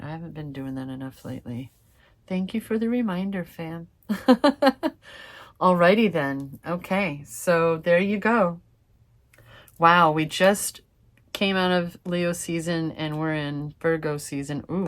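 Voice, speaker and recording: A young woman gives a casual tarot reading to camera, her voice sitting low. She's chatty and excitable, swears freely, and calls her viewers fam.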